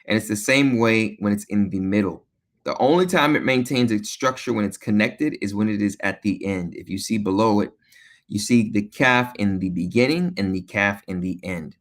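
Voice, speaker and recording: A man teaching a beginner lesson, patient, repeating each sound slowly and checking in with "okay?" often. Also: lowish voice. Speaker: Arabic teacher.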